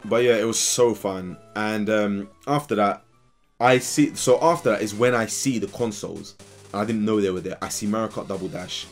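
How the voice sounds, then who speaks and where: Young male let's-play host, low voice, excitable rambling delivery, soft music under. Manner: rambling and animated, quick bursts of excitement. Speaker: gaming channel host. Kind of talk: casual let's play storytelling.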